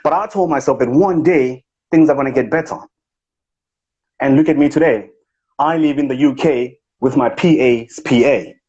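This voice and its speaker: Over dull, lo-fi livestream audio, a man at medium pitch and normal speed, with a darkish, slightly rough tone, lightly acts out a posh-accented motivational speaker. The impression is comic, set in a live chat, full of smug, grandiose, self-important bragging.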